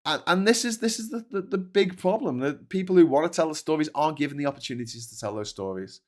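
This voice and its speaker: Male host, rants and swears, voice a bit higher than most men's. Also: lively intonation, quick pace, a little mellow. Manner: sweary, ranting. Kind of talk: casual ranting chat.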